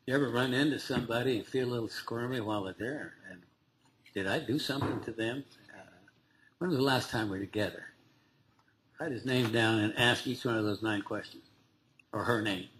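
A man speaking to a recovery meeting, telling his story in a halting, conversational way with frequent restarts and small laughs. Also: mid-range voice, fairly bright tone, slight background noise, low-quality recording. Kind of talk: personal recovery story told to a group.

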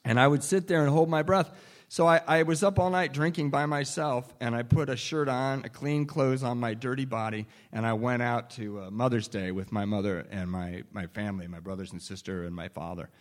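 A man's voice: medium pitch, fairly even intonation, a little fast. A man telling a candid personal recovery story in a wry, self-deprecating way, often restarting sentences and chuckling. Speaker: speaker sharing a recovery story.

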